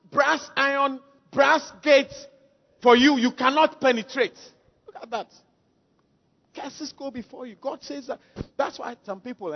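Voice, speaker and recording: A man preaching a sermon. He is emphatic, swings from quiet asides to shouted calls, and keeps asking rhetorical questions. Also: very high-pitched, breathy edge. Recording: dull lo-fi sound with long hall reverb.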